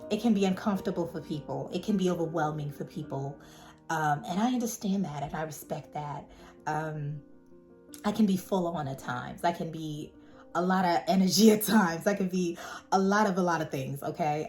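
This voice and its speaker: A woman vlogger speaks in a casual, heartfelt monologue, her voice sitting a little low. She is animated and emphatic and repeats words over and over to drive a point home. Faint music plays quietly behind her. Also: normal speed. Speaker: vlogger reviewing a web series.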